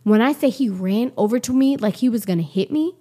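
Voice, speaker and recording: A woman in her forties tells her own story as an interview guest, her fairly high voice leaping up and down in pitch. She talks in an animated, lively way and slips into acting out the lines people said to her. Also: a little fast. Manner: animated, acts out quoted dialogue.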